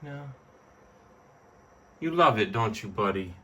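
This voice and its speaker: A man's voice: mid-range voice, normal speed. Chatty man explaining a pet setup. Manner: chatty, explains step by step with restarts. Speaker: pet owner showing his reptile setup. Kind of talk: casual how-to home video.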